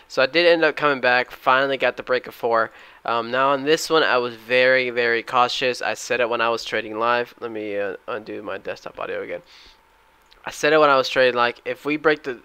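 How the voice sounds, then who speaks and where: The recording is clean and has no room sound, carrying a medium-pitched male voice. A young man goes over his day trades on screen recordings in a casual way, but he's excitable and yells at the chart whenever a trade falls apart.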